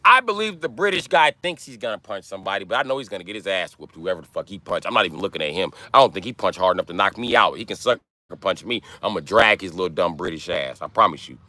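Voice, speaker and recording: A man's voice: low-pitched, lively intonation, fast talker, hardly any pauses, bright, forceful tone, no echo. A man hosting a livestream, ranting in brash, profane trash talk. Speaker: livestream host. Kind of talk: live-stream rant.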